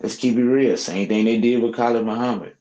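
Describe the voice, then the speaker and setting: A man's voice: mid-range voice, fairly even intonation, fairly quick, mellow. A man giving opinionated casual commentary as a podcast host, in a heated, profane, preachy rant full of rhetorical questions. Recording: echoey room.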